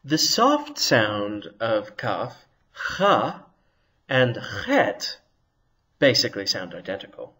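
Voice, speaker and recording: A man's voice: fairly low pitch, huge pitch swings, takes it slowly, pushed and bright, poor audio. A man teaching a recorded language lesson, explaining patiently and sounding out consonants to demonstrate them.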